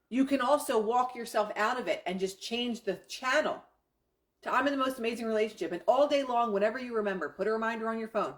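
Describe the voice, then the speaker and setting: A woman's voice: a little high, brisk. A middle-aged woman coaching a live audience on affirmations, enthusiastic and repetitive, with casual swearing. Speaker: self-help coach.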